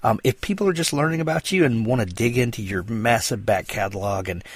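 A man's voice: medium pitch, fairly quick, slightly rough, dry recording. A man hosting a podcast interview, speaking in a friendly way with some fillers. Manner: friendly, thankful wrap-up with fillers. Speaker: podcast host.

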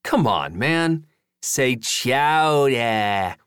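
A man putting on a cheeky young guy in a storybook, pushy and joking, his voice lifted well above the narrator's own. He drags certain words out slowly to needle his friend, in a dry, close recording. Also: on the high side, big pitch swings, no echo, voice pushed up. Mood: teasing.

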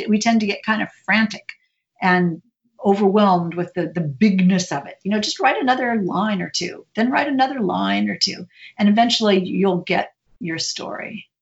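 A woman author and former reporter talking about writing in a casual interview, in an animated, chatty way with many restarts. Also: mid-range voice, normal speed, vocal fry, lo-fi sound.

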